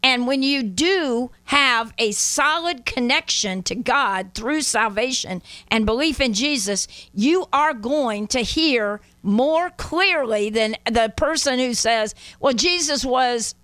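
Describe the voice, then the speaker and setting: A woman co-host with a fairly high voice, teaching her listeners in an earnest, emphatic way. The sound is dry and close, with no room around it. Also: animated, slow pace, hardly any pauses, fairly bright tone, no echo. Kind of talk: Christian teaching talk show.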